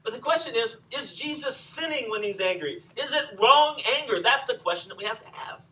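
A man preaching a sermon, telling the story with animated swings from loud to hushed. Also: extremely high pitch, brisk, far from the mic, low-quality recording. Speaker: pastor.

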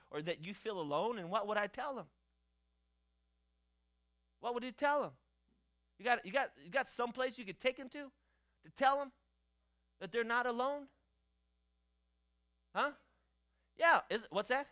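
Male pastor, middle-aged; high, bright voice, halting delivery that builds to fervent sermon emphasis. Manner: halting, repeats words, rises to loud fervent emphasis. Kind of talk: sermon teaching a class.

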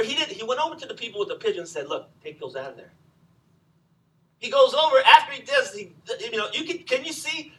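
A man preaching a sermon, telling the story with animated swings from loud to hushed. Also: extremely high pitch, recorded from a distance, low-quality recording. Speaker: pastor.

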